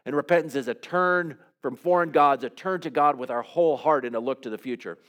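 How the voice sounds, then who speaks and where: A man's voice: a little high, fairly quick, a bit bright. A man preaching a sermon, retelling a story with rhetorical questions and acted-out quotes. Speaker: pastor.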